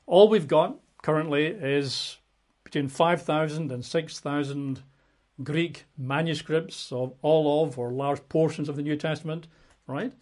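A man teaching about Bible manuscripts in a casual way, with dry, wry humor and slow pauses. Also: on the high side, a little mellow.

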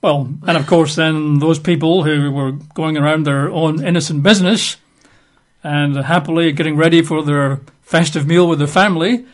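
Guy doing a bible talk, a bit high-pitched, chatty, dry jokes, lots of uh. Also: fairly even intonation, normal speed. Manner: chatty and wry, with frequent fillers. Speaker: Bible teacher. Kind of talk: conversational Bible teaching.

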